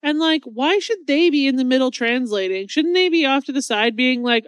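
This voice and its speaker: A woman's voice: sits high, expressive, fairly quick, hardly any pauses, dry recording. A woman co-hosting a podcast, chatting casually in a blunt, teasing way. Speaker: podcast co-host. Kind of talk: casual chat.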